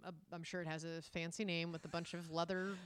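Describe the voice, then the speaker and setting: Woman telling a movie plot, animated, acts out lines, dry close sound. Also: fairly low pitch, a little fast, smooth, no echo. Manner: animated storytelling, acts out quotes. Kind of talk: casual film chat.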